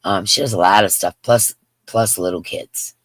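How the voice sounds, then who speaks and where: A woman's voice: extremely low pitch, steady tone, moderate pace, no room sound. A woman in her fifties hosting a craft livestream, chatting in a rambling way and reading viewer comments aloud. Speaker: crochet livestream host. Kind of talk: casual livestream chat.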